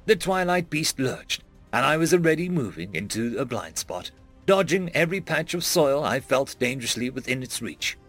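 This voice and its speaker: A man narrating a web serial in first person, dramatic and expressive, dropping to a hush at pauses. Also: medium pitch, faint music behind. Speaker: audiobook narrator.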